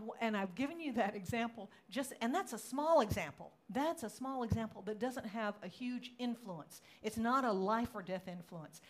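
A woman pastor preaching a sermon, moving between relaxed storytelling and dramatic, loud acted-out quotes. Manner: dramatic, acts out quotes with rising pitch and volume; conversational storytelling with fillers.

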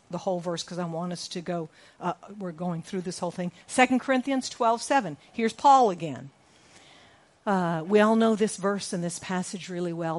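Middle-aged woman pastor, emphatic sermon voice, mid-range pitch, repeats lines, quizzes the room. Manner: emphatic, repeats key lines, questions the congregation. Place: church sanctuary.

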